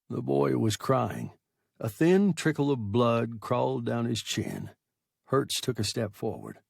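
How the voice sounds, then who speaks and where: Man reading old sci-fi audiobook, husky voice, dry close sound. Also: medium pitch, very animated, a little mellow, no room sound. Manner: measured storytelling. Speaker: narrator. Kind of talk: scripted audiobook narration.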